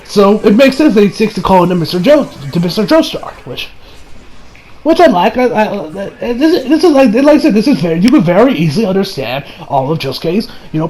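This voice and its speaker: Brief: high-voiced young male reviewer, rambling recap, bursts into loud acted-out lines. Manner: rambling, excitable, acts out quotes with sudden shouts. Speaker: anime reviewer. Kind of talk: casual episode recap and review.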